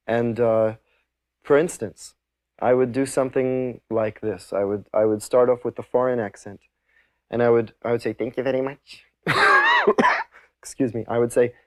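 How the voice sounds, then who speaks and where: Halting man recalling his comedy career. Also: mid-range voice, no echo. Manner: halting, with frequent restarts and soft fillers. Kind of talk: casual reminiscence.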